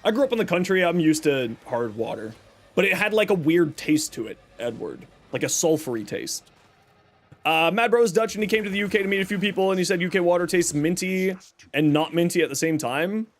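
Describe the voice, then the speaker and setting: A man's voice: high-pitched, animated, a little fast, faint music behind. A Canadian man streaming and reading chat, talking casually and rambling through stories and corrections. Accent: Canadian English. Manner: rambling, chatty, self-correcting storyteller.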